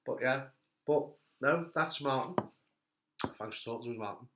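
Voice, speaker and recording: A man hosting a casual chat, an animated storyteller who laughs at his own anecdotes. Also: medium pitch, moderate pace, noisy background. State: hurt back. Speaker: host. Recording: echoey room.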